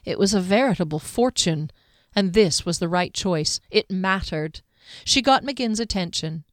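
A woman narrating a fantasy audiobook in a measured, even storytelling manner. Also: on the low side, no echo, studio quality.

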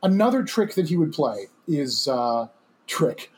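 A young man tells a podcast story in loose, rambling fashion, trailing through fillers and chuckling asides. His voice sits a little higher than most men's. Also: very animated, unhurried, a little mellow. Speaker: podcast co-host. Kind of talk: casual storytelling chat.

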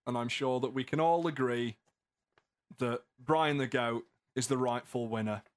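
A man's voice: mid-range voice, measured pace. A man co-hosting a comedy podcast, throwing in dry, wry reactions. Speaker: podcast co-host.

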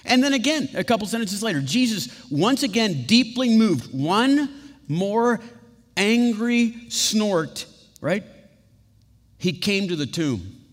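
A male pastor giving a sermon with conversational asides and rhetorical questions, building to emphatic peaks and dropping to hushed, slow passages. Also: sits high, sing-song. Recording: long reverb of a large hall.

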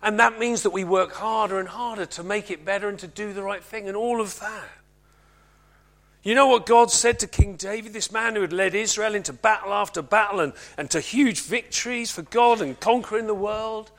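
A man preaching a Christmas sermon at a church service, earnest and often slowing to a near hush. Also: high-pitched. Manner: earnest, slows and drops to a hush on key lines.

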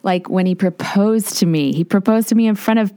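A woman's voice: medium pitch, brisk, dark tone, clear, resonant tone, dry recording, clean studio sound. A woman in her fifties, a guest in an interview, telling a personal story earnestly and acting out the voices of people she quotes. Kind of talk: personal testimony in a podcast interview.

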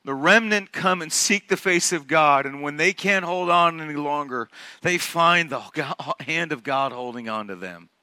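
A man preaching a sermon who speaks emphatically and swings from hushed whispers to near-shouts. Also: a little high, moderate pace, no echo. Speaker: pastor.

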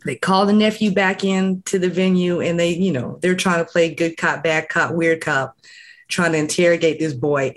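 A speaker with a voice of middle pitch chats casually on a podcast and recaps a story in a relaxed, running way. The talk is full of "um," "like" and small restarts. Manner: chatty, recapping an episode with fillers and restarts. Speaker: podcast co-host or guest.

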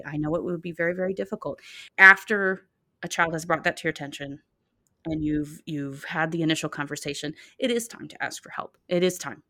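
On a podcast, a child therapist guest, a middle-aged woman, lays out her advice carefully and earnestly, with measured pacing, filler pauses and restarted phrases. Her slightly low voice sounds pushed and bright, recorded close and dry without room sound or echo.

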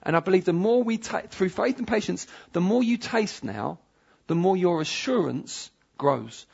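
A male preacher delivers an emphatic, pleading sermon in a fairly high, husky and gravelly voice. He presses his points by repeating them. The recording sounds dull and lo-fi. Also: animated, normal speed, a little mellow.

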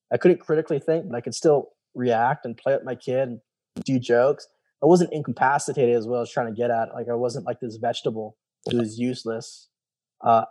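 Speaking in a mellow, mid-range voice, a man who used to be a special operations soldier shares his personal history frankly during an interview. He drops casual curses and mimics the voices of those he quotes.

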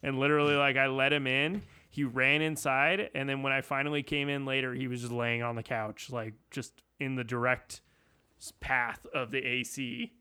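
A man's voice: medium pitch, little pitch movement, moderate pace, sharp tone, clear, resonant tone. A young man in casual podcast chat, rambling and leaning on "like" as he acts out his own reactions, recorded on a home mic. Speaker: podcast participant. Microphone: home mic on a remote podcast setup.

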